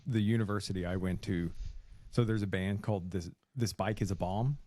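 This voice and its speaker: A man's voice: low voice, a little mellow, no room sound. A man co-hosting a casual podcast, joking and riffing on the others. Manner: joking, quick to riff. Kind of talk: casual chat.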